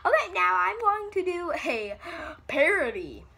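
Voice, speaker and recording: A woman's voice: very high-pitched, sing-song, a little slow, gravelly, sharp tone. A woman chatting casually in a vlog, rambling, giggly and self-deprecating. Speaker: vlogger.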